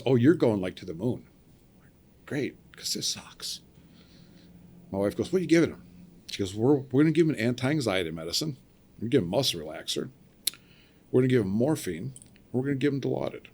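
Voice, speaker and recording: A man with a fairly low voice tells his story in a relaxed, conversational way. He is middle-aged and animated, and he acts out each person's lines as he goes. He laughs at his own punchlines. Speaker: podcast guest, cable splicer. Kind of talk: casual storytelling.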